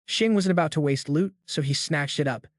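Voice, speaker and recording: A man's voice: fairly high pitch, a little fast, dry recording, clean studio sound. A man narrating a comic recap in a slangy, hyped-up storytelling manner. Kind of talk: scripted narration.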